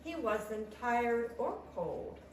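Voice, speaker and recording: In an echoey space with the microphone at a distance, a storytime reader slowly brings a kids' picture book to life with animation and sound effects. Her pitch is a little high, and a slight hiss or hum runs underneath.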